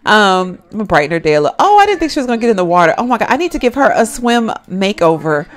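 A woman's voice: mid-range voice, big pitch swings, racing. A young woman gives casual, chatty commentary as she plays a life-simulation game. She laughs often and talks straight to her viewers. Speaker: gameplay commentator. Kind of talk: casual let's-play commentary.

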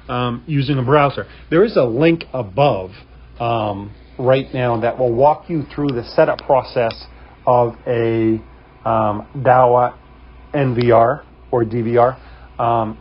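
Brief: male host, New England accent, husky voice, casual tutorial delivery, dull lo-fi sound. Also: medium pitch. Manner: relaxed, many "um" fillers. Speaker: host of a security camera company channel.

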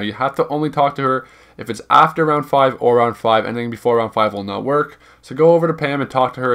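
A young man talks through a video game guide in a relaxed, unscripted way, his voice sitting at an ordinary middle pitch. He hedges his counts, restarts phrases and wanders a little as he explains. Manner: rambling and informal, hedges numbers, repeats himself. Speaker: gaming video guide creator. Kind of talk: casual gameplay walkthrough narration.

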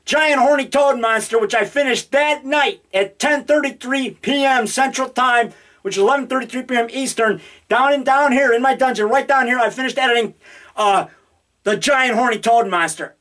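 A man in his fifties rambling excitedly through a home video in his basement, now and then growling mock monster roars. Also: extremely high pitch, moderate pace. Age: 50s. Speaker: independent horror filmmaker. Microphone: handheld digital camera.

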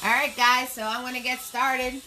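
A woman's voice: high voice, level tone, moderate pace, pushed and bright, soft background music, low-quality recording. A woman leading a live online painting class, chatty and playful, repeating her cue words in a sing-song way. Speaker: paint party instructor.

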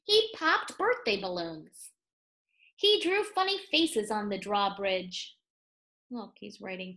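A woman reading a children's picture book aloud, pausing to explain words and add playful asides. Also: mid-range voice, expressive, sharp tone. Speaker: read-aloud storyteller for children.

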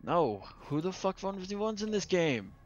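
A man's voice: high-pitched, very animated, normal speed, lo-fi sound. A man gaming with a friend, answering his teasing with dry, dismissive comebacks. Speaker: gamer. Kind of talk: casual gaming banter.

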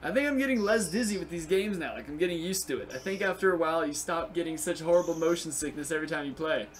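A young man giving casual, excitable gameplay commentary, swearing and chatting to the game's creatures. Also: a little high, fast talker, slight background noise. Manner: excitable, profane, talks to game creatures. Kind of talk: casual let's play commentary.

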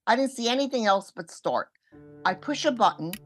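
An older woman recounting how she was scammed, acting out the voices of others and swinging between hushed and loud moments. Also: on the high side, expressive, normal speed, breathy edge, faint music behind. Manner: vivid, acts out quoted voices, shifts between hushed and loud. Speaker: scam victim telling her story. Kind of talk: emotional first-person storytelling.

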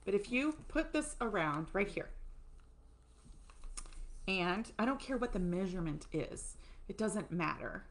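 Excited woman teaching breathing to camera. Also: mid-range voice, slight background noise. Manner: excited, fast-talking, animated asides. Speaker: course instructor. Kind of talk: teaching an online course to camera.

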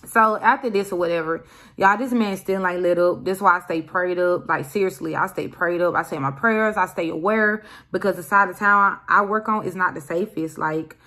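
A young woman vlogger telling a storytime story in an animated, emphatic way. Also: fairly low pitch, normal speed. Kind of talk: casual storytime.

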